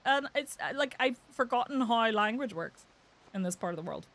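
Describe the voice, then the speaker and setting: A woman's voice: a little high, animated, normal speed, a bit bright, a little hiss or hum. A young woman with a Northern Irish accent, chatting casually while streaming a game, laughing often and swearing lightly. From Northern Ireland. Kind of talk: casual live-stream chat while gaming.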